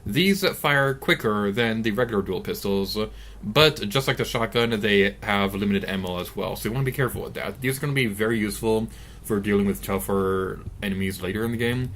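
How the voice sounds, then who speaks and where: A young man talking through a video game as he plays, chatty and excitable, laughing often. His voice sits fairly low but has a bright, forward edge to it. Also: a little hiss or hum. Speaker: let's play host. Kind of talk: gameplay commentary.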